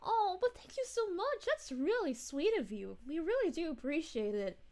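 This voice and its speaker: A woman voices a sweet, bubbly space princess, a VTuber reading her stream chat in character. Her high, soft voice moves at a moderate pace in a lively, heavily acted sing-song, rising and falling and sprinkled with little giggles. The tone stays gentle and friendly the whole way through.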